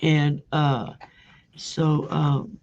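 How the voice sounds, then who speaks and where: A woman from Louisiana with a Cajun accent hosting a casual live video chat, hoarse from a sore throat, chatty and rambling with frequent laughs. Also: low voice, little pitch movement, extremely slow, darkish tone, dull audio, a little hiss or hum. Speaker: host.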